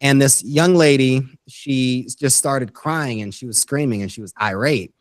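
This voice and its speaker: An earnest man explaining his ideas step by step as a guest on an interview. His voice sits at an ordinary middle pitch, recorded dry and close with no room sound. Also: measured pace, no room sound. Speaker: guest educator. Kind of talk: interview conversation.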